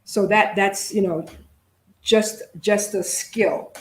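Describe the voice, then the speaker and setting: A woman hosting a relaxed interview, talking in a chatty, searching way full of fillers and restarts. Her voice sits at an ordinary middle pitch. It rings in a roomy, echoey space. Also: slow pace. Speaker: podcast host. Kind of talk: casual interview chat.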